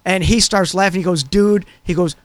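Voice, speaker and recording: A man's voice: sits high, steady tone, fairly quick, no echo. A man co-hosting a radio talk show, telling stories in a loose, rambling way with plenty of fillers. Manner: rambling storyteller, many fillers. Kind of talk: casual chat.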